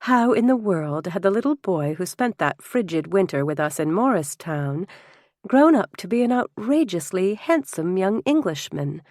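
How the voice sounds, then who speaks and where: A woman narrating a novel in first person, measured and heartfelt, close to the mic. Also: medium pitch, big pitch swings, darkish tone, no room sound. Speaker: audiobook narrator. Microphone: close studio mic.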